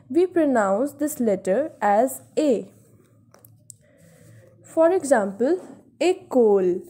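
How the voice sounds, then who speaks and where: Slow, high-voiced woman teaching French. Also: dark tone. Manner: repeats each word slowly and explains plainly. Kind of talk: slow beginner language lesson.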